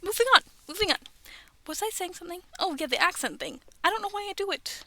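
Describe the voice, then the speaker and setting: A woman in her thirties reading scary stories aloud from home, breaking off for chatty, self-aware asides and soft whispered remarks. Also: very high voice, expressive, fast talker. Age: 30s. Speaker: streamer reading online stories. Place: bedroom at home.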